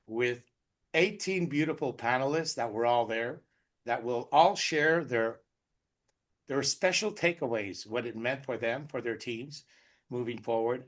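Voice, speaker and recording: A man's voice: mid-range voice, a bit bright. A man hosting an online team recap call, effusive and exuberant, often laughing, speaking over a video call. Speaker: host.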